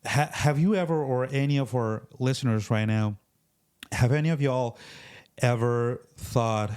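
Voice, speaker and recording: A man's voice: medium pitch, darkish tone, clean tone. Man in casual faith talk. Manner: acts out complainers in quick put-on voices. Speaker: podcast guest.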